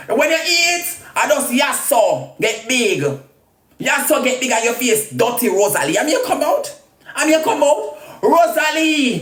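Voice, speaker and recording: A Jamaican woman ranting crudely on a live video, trading loud insults and singsong taunts. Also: mid-range voice. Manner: loud crude cussing, sing-song taunts. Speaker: social media personality. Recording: roomy echo.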